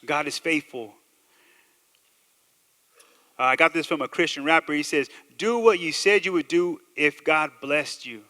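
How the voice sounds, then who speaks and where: Preaching pastor in a reverberant hall. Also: male voice, on the high side, a little slow, long pauses. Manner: preaching with rising emphasis and quiet asides. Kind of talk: sermon. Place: church sanctuary.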